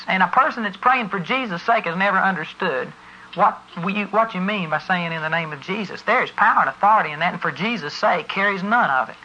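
Emphatic preacher, bright sharp tone. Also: medium pitch. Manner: emphatic, spells words out for stress. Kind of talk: sermon. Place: church service before a congregation. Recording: dull lo-fi recording.

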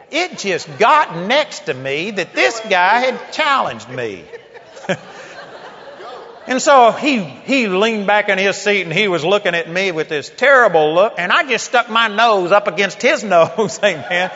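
A man's voice: high-pitched, unhurried. A male preacher telling a story in a sermon, acting out the voices and laughing often. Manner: animated storyteller, acts out quotes, laughs often. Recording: dull lo-fi recording in a big hall.

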